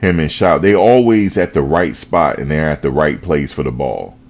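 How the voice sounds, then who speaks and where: A man hosting a fan show, talking football in a casual, animated way, full of slang and repetition. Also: very deep voice, moderate pace. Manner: animated, repeats himself, slangy.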